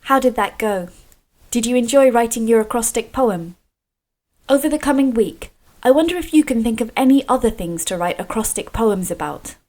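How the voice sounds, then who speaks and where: A woman from Scotland leading a creative writing video workshop for children, explaining slowly and clearly with encouragement. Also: a little high, expressive, a little mellow.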